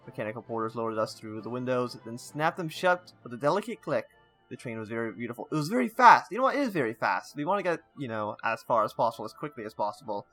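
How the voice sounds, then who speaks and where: A man's voice: mid-range voice, fairly bright tone. A man playing a story game, reading its text aloud with stumbles and breaking off into casual asides. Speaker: gaming channel host.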